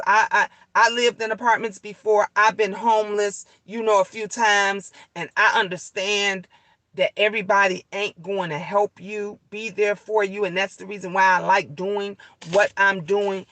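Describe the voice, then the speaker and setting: Middle-aged woman, casual vlog rant; forceful, bright voice, profane and repetitive, dry close recording. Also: medium pitch, dry recording, low-quality recording. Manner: heated, blunt and profane, repeating her points. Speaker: leasing office worker vlogging on her lunch break.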